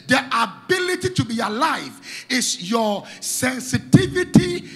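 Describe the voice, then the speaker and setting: High, lively preacher. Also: male voice, a little slow. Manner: call-and-response preaching, shouting and sing-song cadence. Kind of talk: sermon.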